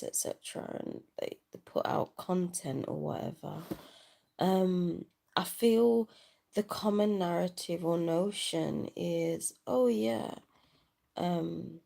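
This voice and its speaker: Subdued woman, low gravelly voice. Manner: rambling, soft-spoken, trailing off. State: sad and tearful. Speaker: vlogger. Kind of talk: unplanned livestream chat. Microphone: handheld phone.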